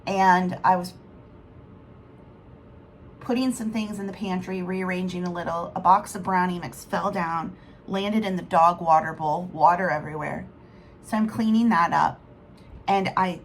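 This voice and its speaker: A middle-aged woman talking straight to camera in a loose, rambling vlog. She's candid and emotional, with a faint hum of room ambience behind her voice. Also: on the low side. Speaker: vlogger. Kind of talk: casual rambling vlog talk.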